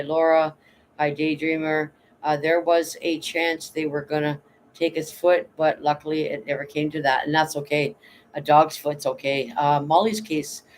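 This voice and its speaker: A man's voice: a little high, slight background noise, rough recording. A tired man chatting casually on a livestream, rambling and blunt, swearing now and then while reading out chat. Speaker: vlogger reading live chat.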